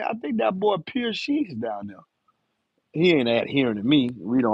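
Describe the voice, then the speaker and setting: A man's voice: medium pitch, husky, no room sound, lo-fi sound. A man around fifty, chatting loosely on a live stream and rambling in slang. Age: 50s. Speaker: live-stream host, enclosure builder. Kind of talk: casual live-stream chat.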